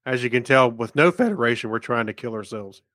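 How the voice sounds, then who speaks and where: Relaxed man chatting on a podcast. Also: mid-range voice, brisk, no echo, studio quality. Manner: relaxed, retells his own reactions. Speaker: podcast co-host. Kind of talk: casual chat.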